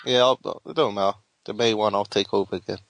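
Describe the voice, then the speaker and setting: A man's voice: lowish voice, fairly even intonation, fast talker, vocal fry, fairly bright tone. A man co-hosting a boxing podcast, teasing and laughing in casual slangy chat. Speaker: podcast co-host.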